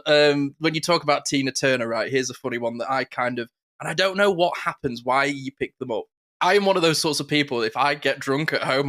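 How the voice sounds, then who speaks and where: Male co-host, bright and forceful tone, lively storyteller who acts out quotes. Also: medium pitch. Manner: animated storyteller, laughs often, acts out quotes. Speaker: podcast co-host. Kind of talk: casual chat.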